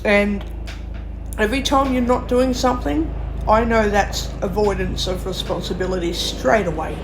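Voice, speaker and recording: A woman delivering a slow, emphatic rant, acting out quotes as she goes. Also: medium pitch, background noise. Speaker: vlogger. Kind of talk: ranting monologue.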